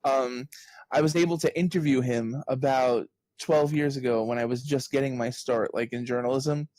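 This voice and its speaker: A man in his early thirties, a guest telling stories in a casual interview, lively and full of "like" fillers. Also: medium pitch, normal speed, dry recording. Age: early 30s. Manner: animated storyteller, heavy on "like" fillers. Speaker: guest, author and journalist.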